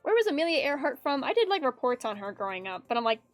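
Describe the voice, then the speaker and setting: A woman's voice: high voice, very animated, fast talker, no echo. A woman streaming her art, chatting casually in a rambling, giggly way and reading chat aloud. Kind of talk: casual chat while drawing. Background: faint background music.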